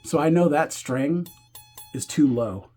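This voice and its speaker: A man walking through a guitar setup step by step, talking in a relaxed way while he works and thinking aloud as he goes. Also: on the high side, slow. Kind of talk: hands-on tutorial explanation.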